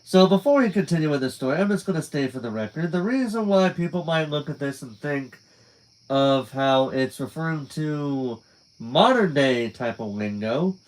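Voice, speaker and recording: Streaming live, a man reads from a novel and keeps breaking off to chat with his viewers, his tone casual and conversational with phrase endings that trail away. His voice sits a little high, and the audio is poor.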